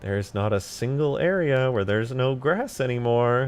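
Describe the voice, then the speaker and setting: A man casually chatting on a live stream about modding a game, excitable and profane, with sudden loud outbursts. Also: mid-range voice, measured pace, clean tone. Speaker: game modder streaming his work.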